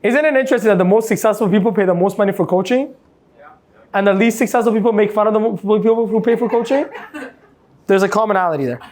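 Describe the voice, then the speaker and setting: A motivational coach delivers an energetic seminar talk, quizzing the live audience with "yes or no?" and acting out examples. He speaks quickly in a high voice.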